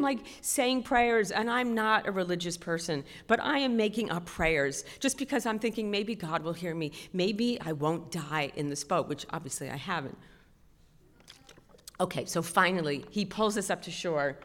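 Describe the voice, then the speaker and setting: A middle-aged woman doing stand-up storytelling, self-deprecating and animated, with sudden loud outbursts. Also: mid-range voice, normal speed, big-room sound. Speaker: stand-up comedian.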